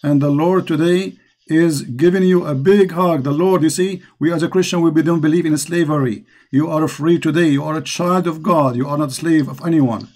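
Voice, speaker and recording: A man's voice: on the high side, fairly even intonation, moderate pace, a little mellow. A man with an Arabic accent, hosting a call-in religious show and preaching with passion. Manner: impassioned, preaching. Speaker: host.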